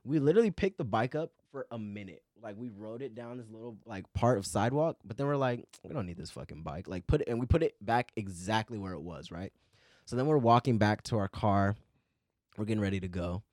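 A man in casual chat who tells stories in an animated way and swears a lot. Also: on the low side, brisk, no room sound, studio quality.

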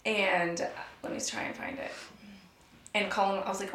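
A woman's voice: medium pitch, steady tone, normal speed, long pauses, a bit bright, reverberant. A young woman chatting casually and telling a story, laughing and swearing a lot. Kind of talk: casual chat.

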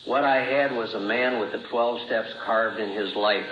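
A lowish-voiced man gives recovery-meeting testimony at normal speed, his tone steady and his pauses few. He speaks plainly and acts out remembered dialogue. The old recording is roomy and dull, with slight background noise.

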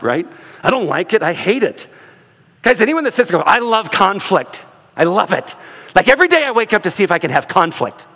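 A man, a pastor with young sons, preaching an animated sermon to his congregation and acting out quoted voices. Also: a little high. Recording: long reverb of a large hall.

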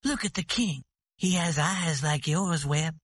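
A man voicing a young woman who owns a ranch, tender and commanding, in a slow read-aloud story. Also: a little high, fairly bright tone, husky.

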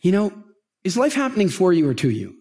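A man's voice: sits high, fairly quick. A middle-aged man giving a motivational talk on a stage, telling stories and asking the audience questions. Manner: animated storytelling, asks the audience questions. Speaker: motivational speaker. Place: large event stage with an audience.

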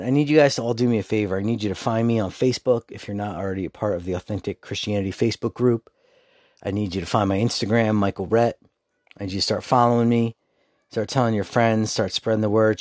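A man's voice: lowish voice, a little mellow, dry recording, clean studio sound. A man hosting his own podcast, talking candidly and informally in a casual solo monologue. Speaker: podcast host.

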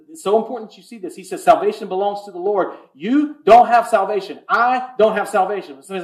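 A man preaching a sermon as pastor, swinging between hushed, intimate lines and loud, impassioned ones. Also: high voice, brisk, roomy sound. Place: church sanctuary.

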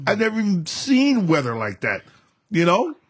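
A man's voice: high-pitched, wildly swooping pitch, normal speed. A man chatting on a podcast, easygoing, telling a short story with a laugh. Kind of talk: casual chat.

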